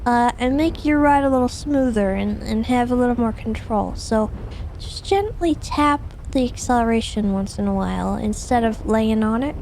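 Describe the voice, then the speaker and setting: A woman in her twenties from Washington state, playing a driving school instructor in a role-play game, friendly and gentle with many hesitant fillers. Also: a little high, moderate pace, a little hiss or hum. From Washington state, USA. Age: 20s. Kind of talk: in-character role-play chat.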